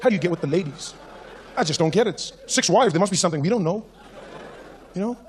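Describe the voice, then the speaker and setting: A young man with a South African accent performs stand-up on a live stage, his voice sitting a little high. He talks animatedly and slides into mock-pompous put-on voices. A faint room ambience hangs behind him. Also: expressive, quick pace, a little hiss or hum. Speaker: stand-up comedian. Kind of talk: stand-up comedy. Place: comedy stage before a live audience.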